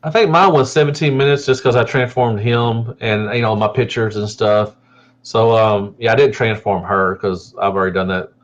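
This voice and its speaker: A man's voice: lowish voice, steady tone, moderate pace. A man co-hosting a casual toy review livestream, laid-back, laughing often and drawing out his fillers. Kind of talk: casual chat. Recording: slightly dull, lo-fi audio.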